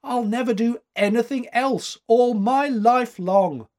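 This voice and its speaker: A man's voice: fairly high pitch, lively intonation, moderate pace, darkish tone, slightly rough. A man playing an earnest, gallant suitor. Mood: passionate. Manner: composed, resolutely cheerful.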